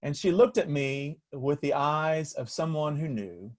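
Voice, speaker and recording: A man's voice: on the high side, expressive, a little slow. Earnest man preaching over a video call. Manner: earnest, reflective, with many restarts. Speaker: pastor. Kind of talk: sermon-style storytelling.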